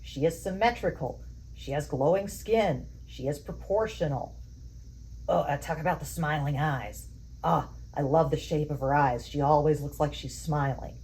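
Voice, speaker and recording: A woman's voice: low-pitched, moderate pace, a little mellow, poor audio. A woman co-hosting a chat show, emphatic and sarcastic as she argues her point. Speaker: podcast co-host. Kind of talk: opinionated casual chat.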